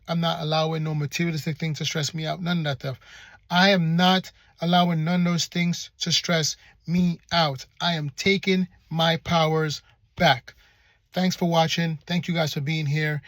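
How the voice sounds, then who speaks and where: High-voiced, firm man vlogging. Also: no room sound. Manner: assertive, firm and passionate; repetitive, rhetorical questions. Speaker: relationship vlogger. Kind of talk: motivational vlog monologue.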